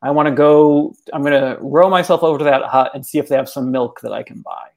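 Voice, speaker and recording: A man's voice: a little high, fairly quick, vocal fry, darkish tone. A man voicing a weary, bewitched male sea captain in a told story, in a dry, matter-of-fact way. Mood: deadpan.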